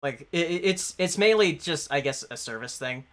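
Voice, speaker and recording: A man in a casual podcast chat, making his point haltingly with many ums and restarts. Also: on the high side, lively intonation, a bit bright. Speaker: podcast co-host.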